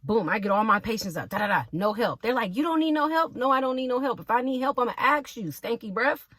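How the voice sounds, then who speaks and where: A woman's voice: fairly high pitch, quick pace, fairly bright tone, slightly rough, dry recording. A nursing assistant telling a storytime about her job in a blunt, sassy way, swearing freely and talking straight to her viewers. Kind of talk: storytime vlog.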